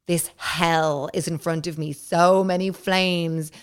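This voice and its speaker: A woman's voice: fairly low pitch, fairly even intonation, takes it slowly, smooth. A woman hosting a podcast, telling a story in a casual, chatty way, full of filler words and swearing. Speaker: podcast host.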